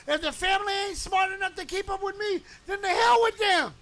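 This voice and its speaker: High-voiced animated radio host man. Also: a little fast, hardly any pauses. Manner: animated, riffing, chanting and shouting in bursts. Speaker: radio morning show host. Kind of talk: loose on-air banter and ranting. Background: music playing.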